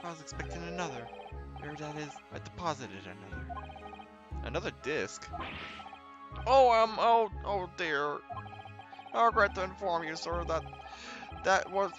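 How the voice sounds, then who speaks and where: A streamer voicing an obsequious, flustered pawnbroker, talking loudly and eagerly. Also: mid-range voice, moderate pace, long pauses, lo-fi sound, music in the background, close to an everyday voice. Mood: fawning. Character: fawning, nervous pawnbroker man.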